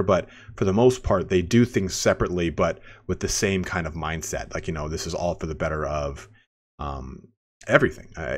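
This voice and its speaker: A man giving casual, rambling game commentary, full of fillers and restarts. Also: sits low. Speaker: gaming commentator.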